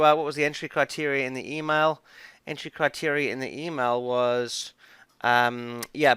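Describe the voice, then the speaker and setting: A man talks through stock charts in a casual, upbeat way, rambling and stopping often to restart his sentences. His voice sits a little high for a man and sounds smooth and resonant. The sound is dry and close, with no room echo. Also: a bit bright. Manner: rambling, many fillers and restarts; upbeat and chatty. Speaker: stock market commentator. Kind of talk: casual market commentary over charts.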